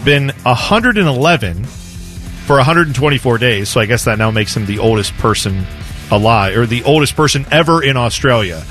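Radio co-host, man, lively sing-song telling, jokey, faint music bed. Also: mid-range voice, a little fast. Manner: jokey, storytelling, chuckling. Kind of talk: casual radio banter.

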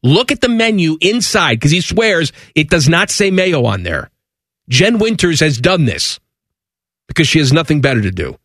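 A man's voice: fairly high pitch, big pitch swings, moderate pace, fairly bright tone, no room sound, clean studio sound. A man co-hosting a radio talk show, teasing and joking in casual chat. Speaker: radio co-host.

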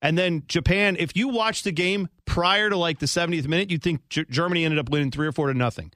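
A man's voice: a little high, fast, fairly bright tone, no echo. A man hosting a sports radio show in casual talk, dry and playful, stretching out his questions and explaining games at length. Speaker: radio host.

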